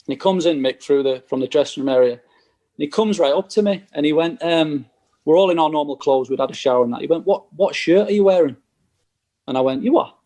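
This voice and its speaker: A man's voice: on the high side, quick pace, dark tone. A man, a former footballer telling stories as a podcast guest and acting out the exchanges he quotes. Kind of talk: casual anecdote telling.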